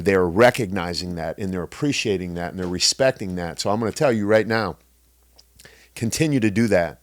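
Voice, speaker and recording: Middle-aged man, podcast host, low voice, dry close mic, emphatic, emotional, gives advice. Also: brisk, no room sound. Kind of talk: conversational interview.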